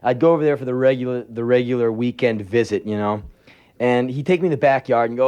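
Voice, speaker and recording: A man's voice: medium pitch, fast talker, darkish tone, clear, resonant tone. A man in his twenties doing a live spoken word set, telling stories in a sardonic, profane way and breaking into sudden yelps when he acts out voices. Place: live venue before an audience.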